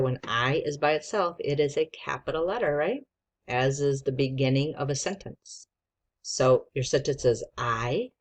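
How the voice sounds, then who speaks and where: A woman teacher giving a patient, encouraging spelling lesson to young children and sounding out letters. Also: very deep voice.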